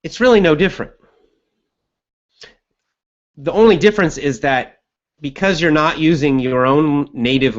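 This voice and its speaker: A man hosting a live show, answering viewer questions in an energetic coaching tone with occasional laughs. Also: fairly high pitch, highs cut off. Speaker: host.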